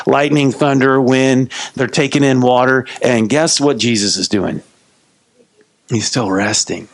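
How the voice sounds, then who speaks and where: A man's voice: medium pitch, moderate pace. A male pastor preaching a sermon in a casual, playful storytelling manner.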